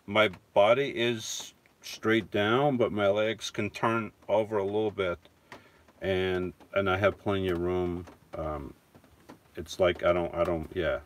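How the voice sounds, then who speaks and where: A man's voice: deep voice, steady tone, takes it slowly, slight background noise. A man casually chatting on a live stream from inside his van, reading viewer comments and answering in a rambling, self-correcting way with chuckling asides. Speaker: vlogger reading live chat.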